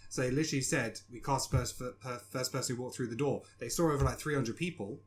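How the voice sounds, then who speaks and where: A man's voice: medium pitch, fast talker, slight background noise. A man hosting a casual film podcast, talking loosely with fillers and putting questions to his co-hosts. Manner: relaxed, many fillers, asks co-hosts questions. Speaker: podcast host.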